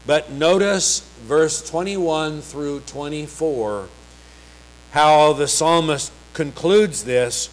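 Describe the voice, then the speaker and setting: Slow-preaching man, higher voice. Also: rough recording. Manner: slow, emphatic reading of scripture with rising, pleading passages. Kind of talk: sermon.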